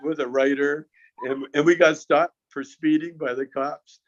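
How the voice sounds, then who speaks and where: A man's voice, on the high side and a little slow, keeps a steady tone against a noisy background. As a guest he casually tells a long anecdote, chuckling, stammering, and restarting sentences. The audio is dull and lo-fi.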